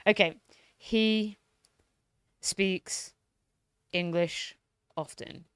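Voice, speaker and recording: A woman's voice: mid-range voice, fairly even intonation, very slow, fairly bright tone, clear, resonant tone, dry recording, studio quality. A woman streamer chatting casually, cursing freely and sounding out words as she practises them. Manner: casual, swears freely, repeats phrases while learning. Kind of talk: casual chat.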